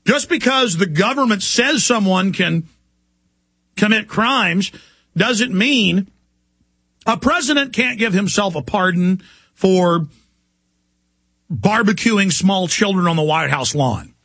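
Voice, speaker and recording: A man's voice: high voice, lively intonation, slow, pauses often, a bit bright, breathy edge, no echo. A man delivering an impassioned, indignant talk radio monologue as the show's host.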